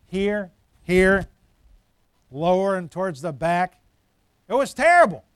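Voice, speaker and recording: A man's voice: high voice, expressive, slow, smooth, dry recording, studio quality. A middle-aged man preaching a sermon in a conversational, storytelling way with emphatic build-ups. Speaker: pastor.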